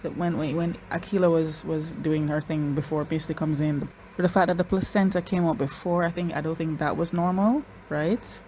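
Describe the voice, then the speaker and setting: A woman with a somewhat low voice gives reaction commentary on an episode, loud and excitable. She jumps between sudden exclamations and fast, rambling analysis. A faint hum of background noise sits under her voice. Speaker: reaction vlogger.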